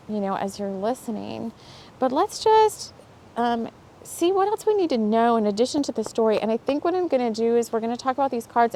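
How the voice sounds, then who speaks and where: Woman, spiritual host, casual tarot chat, raised pitch, gravelly fry, rambling, laughs often. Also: darkish tone, slight background noise. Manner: rambling, chatty, laughs often, many fillers.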